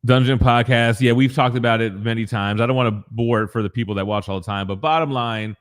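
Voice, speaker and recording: A man in his forties chats on a live stream from his basement. He's slangy and hype, drops swears and shouts out chat names as he reads them. His voice sits at an ordinary middle pitch. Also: fairly even intonation, fast, smooth. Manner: reads chat messages aloud. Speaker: co-host of a collectibles morning show. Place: home basement.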